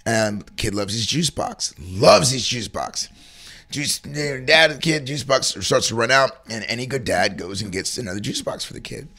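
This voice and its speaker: A man's voice: medium pitch, expressive, moderate pace, sharp tone. A man co-hosting a casual chat, talking earnestly and rambling about faith and feeling good. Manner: earnest, rambling, acts out little voices in stories. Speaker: co-host.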